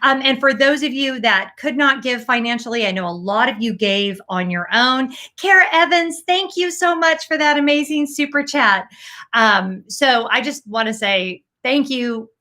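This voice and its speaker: A woman's voice: sits high, normal speed, pushed and bright. A middle-aged woman hosting a casual live stream, chatty and full of fillers, thanking viewers effusively for their donations. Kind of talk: casual live-stream chat reading super chats.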